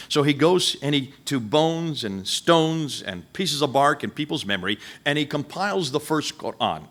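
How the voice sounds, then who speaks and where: Animated man lecturing a live audience. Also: fairly high pitch, normal speed, hardly any pauses. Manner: animated, rhetorical, questioning the audience.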